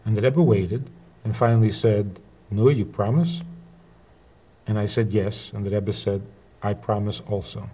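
A man telling a personal story, acting out the dialogue with halting restarts. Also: fairly low pitch, breathy edge. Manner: animated retelling with quoted dialogue. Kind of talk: spoken anecdote.

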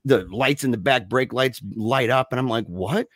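A man casually telling a story, slangy and animated, acting out the voices of the people in it. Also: mid-range voice, moderate pace, no room sound, clean studio sound. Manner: animated, acts out voices in his stories; slangy, says dude and man often. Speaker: podcast co-host telling a story.

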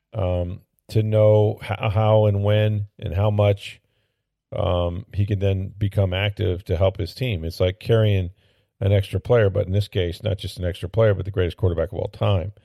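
A man's voice: deep voice, steady tone, moderate pace, gravelly, mellow, no echo, clean studio sound. A man hosting a sports podcast, giving casual, opinionated commentary that rambles, with lots of fillers and restarts.

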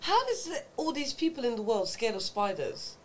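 A woman's voice: fairly high pitch, sing-song, moderate pace, a little hiss or hum. A woman from Grenada chatting casually in a group, making short, chatty comments.

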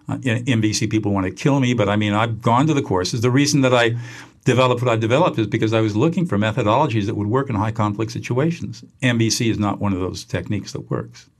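A man's voice: on the low side, quick pace. Passionate man explaining a method. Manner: passionate, animated, acts out example dialogues. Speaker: guest expert. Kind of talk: podcast interview, teaching.

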